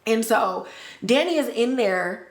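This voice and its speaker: A woman's voice: fairly high pitch, lively intonation, slow pace. A woman hosting a podcast, recapping a TV episode in casual slangy chat and acting out the characters' lines. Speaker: podcast host. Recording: roomy echo.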